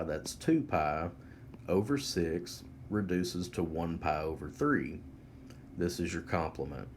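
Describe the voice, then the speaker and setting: Man, very low voice, slow, methodical teacher, whiteboard lesson, slight background hiss. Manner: slow, methodical, step-by-step explaining. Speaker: math teacher.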